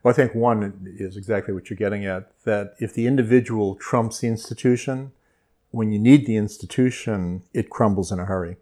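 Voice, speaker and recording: A man with a New Orleans accent, speaking as an interview guest in a thoughtful, measured way with frequent pauses and ums. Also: fairly low pitch, dark tone. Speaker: guest expert. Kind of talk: interview conversation.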